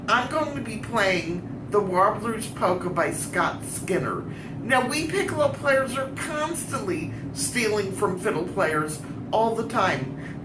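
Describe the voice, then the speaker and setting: A woman introduces her piccolo entry in a friendly, lightly humorous way. She is some distance from the mic in an echoey room. Clear background noise is heard behind her. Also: medium pitch. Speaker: piccolo player, contest entrant.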